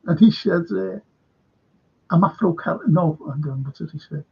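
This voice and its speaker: Gravelly rambling host, older man. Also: on the high side, moderate pace. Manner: rambling, loses his train of thought. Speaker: live stream host. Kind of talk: casual chat reading viewer comments. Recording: dull lo-fi stream audio.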